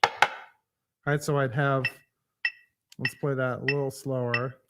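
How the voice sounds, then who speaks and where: A man's voice: mid-range voice, flat delivery, slow, heavy background noise. A man giving a casual drum lesson, explaining rudiments and counting off exercises as he plays. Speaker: drum instructor. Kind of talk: live online drum lesson. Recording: loud drumming and clicks behind.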